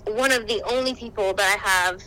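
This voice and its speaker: Bright, animated young woman storyteller. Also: mid-range voice, a little fast, a little hiss or hum, low-quality recording. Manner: animated storyteller, exclaims often. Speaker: guest, social work graduate student. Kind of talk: casual conversation.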